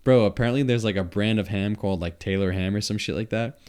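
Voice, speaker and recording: A young man with a thick Long Island accent sits in for a casual podcast chat. His voice sits on the low side as he spins animated, swear-filled stories. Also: quick pace, clear, resonant tone. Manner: animated, profane storytelling. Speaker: podcast guest.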